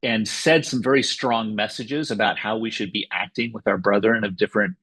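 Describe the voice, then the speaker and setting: Male podcast co-host, husky voice, dry close sound, earnest and eager. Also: fairly low pitch, fairly bright tone, dry recording. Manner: earnest and enthusiastic, halting with fillers. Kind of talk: casual chat.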